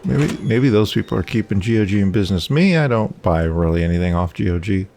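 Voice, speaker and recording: A man's voice: fairly low pitch, lively intonation, fairly quick, creaky, a little mellow, a little hiss or hum. A man casually commenting on a game he is playing, rambling and wry, talking back to the characters. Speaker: gameplay commentator. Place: home.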